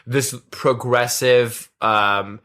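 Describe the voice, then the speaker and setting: Bright-voiced, animated man co-hosting a podcast. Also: medium pitch, extremely slow. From United States. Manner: animated, jokey, quotes himself in bright voices. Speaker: podcast co-host. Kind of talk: casual comedic chat.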